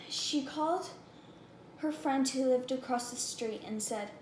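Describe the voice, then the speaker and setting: High woman reading a storybook, slow and expressive, echoey room with faint hum. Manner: expressive and deliberate. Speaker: storybook reader. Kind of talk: reading a picture book aloud.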